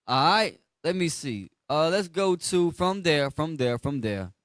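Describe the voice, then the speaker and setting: A man preaches in a blunt, slangy street style, calling on listeners to finish each verse aloud. His voice sits a little high for a man. The sound is dry and close. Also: expressive, a little slow, a bit bright, dry recording. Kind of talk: street sermon teaching.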